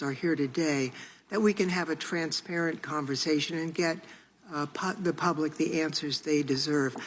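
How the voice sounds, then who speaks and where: A committee member questioning a witness at a formal hearing, measured and reading documents aloud. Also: medium pitch. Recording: reverberant hearing room with faint noise.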